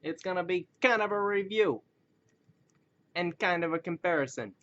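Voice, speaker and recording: A man's voice: high-pitched, expressive, normal speed, sharp tone. A man rambling casually through a webcam video reviewing toys, self-deprecating and slipping into joke voices. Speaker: action figure collector reviewing toys. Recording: dull lo-fi recording.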